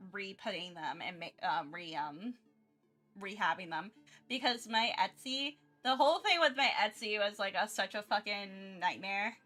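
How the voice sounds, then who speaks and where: A woman's voice: medium pitch, sharp tone. A young woman streaming her art, chatting casually and rambling with lots of fillers, restarts and self-mocking asides. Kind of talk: casual chat while drawing.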